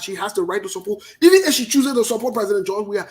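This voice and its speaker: A man with a Liberian accent giving emphatic political commentary, talking loudly and repeating his points. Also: high-pitched, quick pace. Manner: forceful, emphatic, repetitive, passionate.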